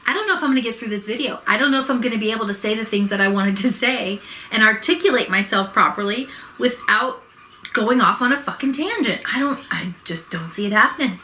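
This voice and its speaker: A woman's voice: on the high side, fast, sharp tone, a little hiss or hum, rough recording. A woman vlogging a heated personal rant to camera, swearing and exasperated, worked up and close to tears.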